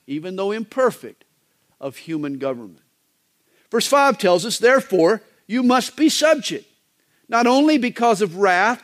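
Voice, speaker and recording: A male pastor delivering a sermon in a folksy, joking manner, with wide swings in pitch.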